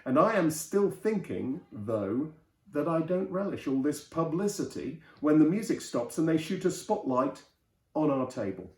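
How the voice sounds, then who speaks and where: A man reading a 1930s novel aloud as host, telling the story in a lively, animated way. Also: on the high side, unhurried, reverberant. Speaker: host and reader.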